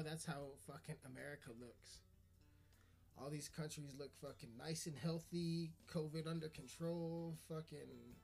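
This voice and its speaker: A man's voice: fairly high pitch, creaky, a little mellow. A man hosting a podcast, ranting in a crude, sarcastic, swearing comedic style. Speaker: podcast host. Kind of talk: profane comedic rant.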